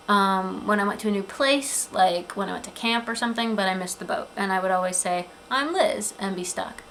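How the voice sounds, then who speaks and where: A woman in her twenties talking in a casual, earnest personal vlog, chatty, with frequent ums and quick asides. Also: mid-range voice, a bit bright, rough recording. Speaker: vlogger. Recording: 2008 webcam video, faint room noise.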